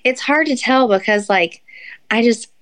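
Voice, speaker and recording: A woman's voice: fairly high pitch, measured pace, crowd noise. A young woman chatting casually and telling an embarrassing story. She rambles with many fillers and restarts and often breaks into laughter. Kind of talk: casual chat.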